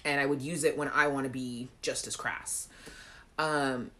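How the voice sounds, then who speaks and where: A young woman with a Caribbean accent hosts a live chat show in a casual, animated way. Her voice sits low, and she laughs often and breaks into playful sung snippets while reading viewer comments. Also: measured pace. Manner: animated, laughs often, acts out song lines.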